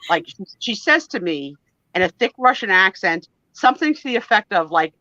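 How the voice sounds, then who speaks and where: Animated woman telling funny stories. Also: medium pitch, normal speed, dry recording, poor audio. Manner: animated, self-deprecating, acts out voices in her stories. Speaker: guest on a live vintage photo sale stream. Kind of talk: casual storytelling chat.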